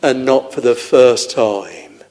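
A man preaching a sermon, tenderly addressing his listeners in a slow, intoning way. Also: mid-range voice, fairly even intonation, a little mellow. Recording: long reverb of a large hall.

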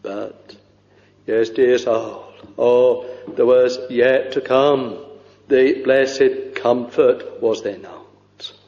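A man preaching a sermon in a slow, halting way, with many pauses and fillers. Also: medium pitch, steady tone. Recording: dull lo-fi recording with long hall reverb.

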